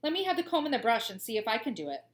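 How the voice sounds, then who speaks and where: A woman voicing a grumpy, vain young male lion in a storybook, loud and blustering. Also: on the high side, sing-song, rapid-fire.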